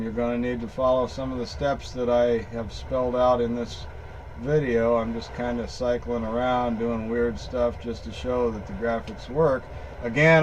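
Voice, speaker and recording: A man's voice: medium pitch, a little hiss or hum. Rambling man with a folksy manner. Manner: rambling, folksy, full of fillers and restarts. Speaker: tech tutorial maker. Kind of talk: casual screen-recorded walkthrough.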